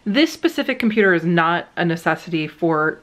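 A woman in casual chat as a vlogger, giggly and animated as she tells stories. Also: on the low side, a little fast.

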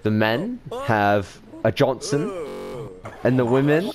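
Over crowd noise in a busy online voice chat, a male gaming video host with a mid-range voice speaks slowly, his pitch swinging widely. He role-plays a playfully stern, fed-up teacher and keeps breaking into laughter.

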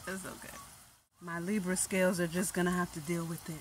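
Chatty, self-teasing home cook talking over a loud frying pan in a noisy kitchen. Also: mid-range voice, steady tone, fairly quick. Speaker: cooking vlogger. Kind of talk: casual chat while cooking. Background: sizzling pan and stirring.

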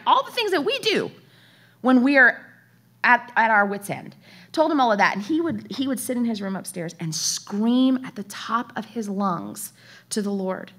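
A woman in her thirties, a worship leader giving an emotional testimony sermon, her voice rising high in quoted pleas and dropping to near-whispers. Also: big pitch swings, moderate pace, a bit bright. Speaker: worship leader and conference speaker.

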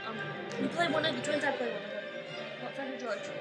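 A woman's voice: high-pitched, fast, loud music behind the voice, a loud crowd. A young woman co-making a playful toy video, giggling and calling out camera directions. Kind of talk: playful toy play filming.

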